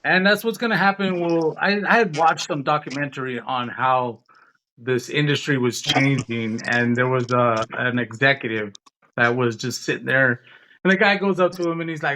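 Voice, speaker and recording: A man's voice: medium pitch, moderate pace, bright, forceful tone, a little hiss or hum, poor audio. A man hosting a casual podcast, telling stories emphatically and swearing often. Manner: profane, emphatic storytelling. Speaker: podcast host.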